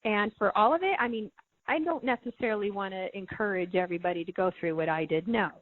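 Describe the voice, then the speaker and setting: A woman's voice: mid-range voice, fast talker. A middle-aged woman, a podcast guest, earnestly telling a personal story and repeating words when moved. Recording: thin phone-like line, dry.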